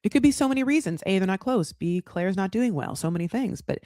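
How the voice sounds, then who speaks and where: A woman hosts a reality TV recap in a casual, sassy way. She talks in animated bursts and swears freely. Her voice sits in a middle register, and the sound is dry and close. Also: medium pitch, fast, no room sound.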